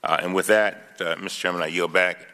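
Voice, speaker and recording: A man's voice: low-pitched, fairly even intonation, fairly quick, sharp tone, big-room sound. A man, a congressman, giving an emphatic formal statement at a hearing, reading quoted testimony aloud and stressing key words. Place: large congressional hearing room.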